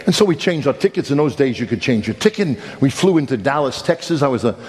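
A man's voice: fast, background noise. A middle-aged male pastor preaching a sermon, telling a personal story with humor and wide swings in his voice. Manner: animated storytelling with humor and big pitch swings. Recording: echoey hall with faint ambience.

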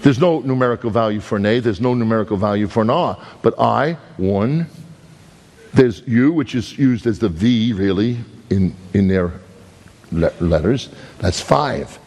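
A man with a Brooklyn accent preaching a sermon, emphatic, swinging between high loud peaks and slow low words. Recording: long hall reverb.

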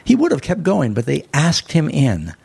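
A man preaching a sermon, telling a story with animated bursts of emphasis. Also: fairly high pitch, moderate pace, gravelly, breathy edge.

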